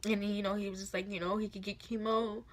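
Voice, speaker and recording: A woman in her twenties tells a personal story in a casual vlog, speaking softly and haltingly with many fillers. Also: mid-range voice, little pitch movement, a little hiss or hum. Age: 20s. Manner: soft, halting, full of fillers. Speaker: vlogger.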